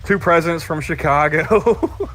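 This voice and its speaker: A man's voice: on the high side, unhurried, a bit bright, faint music behind. A man in his thirties on a podcast panel, joking crudely in casual chat and stumbling over restarts. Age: 30s.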